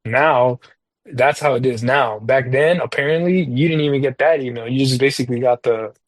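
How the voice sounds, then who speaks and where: A man talking as a podcast guest in a casual chat, rambling through a story with lots of fillers and getting animated over his frustrations. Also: medium pitch, moderate pace, dry recording. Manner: animated when recalling frustrations.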